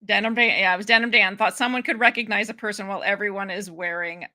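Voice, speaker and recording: Casual commentator, young woman from Ohio, lively chatter, brightly toned voice. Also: medium pitch, fast. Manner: chatty, laughing, animated asides. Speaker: political commentary streamer.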